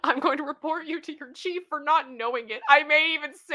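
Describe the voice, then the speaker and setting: Bright, animated woman reading stories. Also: high voice, fairly quick. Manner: animated, reads quotes aloud with outbursts of disbelief and laughter. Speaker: host reading and reacting to stories. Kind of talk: casual commentary.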